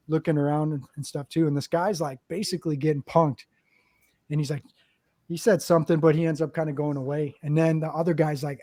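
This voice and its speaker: A man hosting a podcast, telling a war story in a lively, profane way and acting out the people he quotes. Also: fairly high pitch, dry recording, studio quality. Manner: animated, profane, acts out quotes. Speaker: podcast host, Marine veteran. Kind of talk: casual storytelling.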